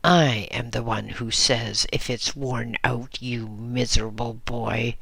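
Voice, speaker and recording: A man's voice: mid-range voice, steady tone, slow, vocal fry, pushed and bright, dry recording, full character voice. A man voicing a stern, stingy older male monk who scolds boys and then turns falsely sweet. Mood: scolding.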